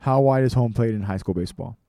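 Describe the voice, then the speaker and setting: A man's voice: medium pitch, fast, warm tone, no room sound, studio quality, lightly acted. A man voicing an irascible 78-year-old baseball coach who barks questions at a crowd of coaches. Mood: gruff lecturing. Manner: barking, bellowing questions at a crowd.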